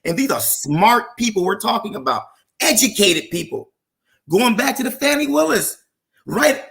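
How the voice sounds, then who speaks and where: A man makes his case on an open panel, driving each point home with rhetorical questions. His voice sits high and bright, with a gravelly fry. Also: big pitch swings, moderate pace. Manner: impassioned, rhetorical, emphatic. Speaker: panel speaker. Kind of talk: political debate on an open panel.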